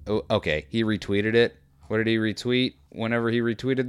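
Sardonic male commentary host, lowish smooth voice, close dry mic, mocking and rambling. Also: normal speed, no room sound. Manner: sarcastic, rambling, swings between loud and muttered. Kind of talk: reading and mocking tweets.

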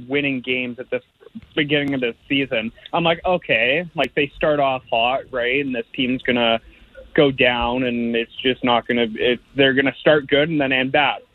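Young male caller, husky voice, tinny phone-line sound, excited. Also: mid-range voice, no echo. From Canada. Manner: gushing, rambling. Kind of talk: excited fan phone call.

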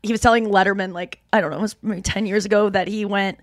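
A woman's voice: mid-range voice, steady tone, fast, no room sound, studio quality. A woman co-hosting a podcast, ranting with animation and acting out the people she quotes. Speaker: podcast co-host. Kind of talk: casual chat.

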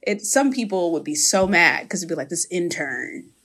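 Animated woman telling a story. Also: on the low side, brisk. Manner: animated, acts out quoted voices, lively storytelling. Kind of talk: casual storytelling chat.

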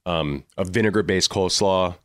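A man in his forties, a guest chef talking in a relaxed, rambling way in a casual interview. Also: sits low, normal speed, dry recording, clean studio sound.

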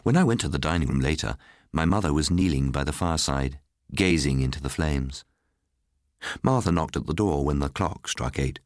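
A man narrating a ghost story in a measured, melancholy storytelling way. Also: a bass voice, dry recording, studio quality. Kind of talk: scripted ghost story reading.

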